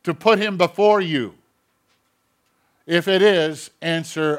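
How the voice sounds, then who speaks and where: Man preaching a sermon, somewhat high voice. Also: lively intonation, takes it slowly, smooth. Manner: preaching with sudden quiet asides and rising emphasis. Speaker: pastor.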